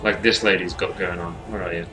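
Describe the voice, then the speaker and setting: A man's voice: sits low, fairly even intonation, a little fast, over music. A man talking casually on a live stream, rambling and thinking aloud as he designs characters, laughing often.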